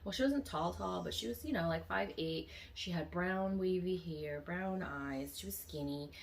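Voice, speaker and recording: A woman's voice: fairly low pitch, moderate pace, gravelly. A woman vlogger casually recounting a dream in a chatty, rambling way, full of fillers. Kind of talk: casual storytelling.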